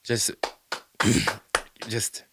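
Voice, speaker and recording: A man with a Southern US accent hosting a podcast, chatting in an animated, playful way with frequent laughter. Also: very slow, background noise. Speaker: podcast host. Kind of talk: casual chat.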